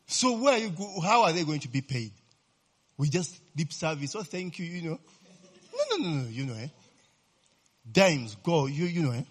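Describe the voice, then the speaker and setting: Preaching with energy, this man keeps asking his audience "eh?" and posing questions to them. He has a fairly high, husky voice at normal speed, with long pauses.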